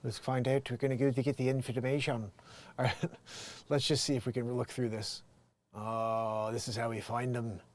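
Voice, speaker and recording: Rambling man muttering then shouting. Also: mid-range voice, little pitch movement, moderate pace. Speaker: livestream host. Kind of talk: casual livestream commentary.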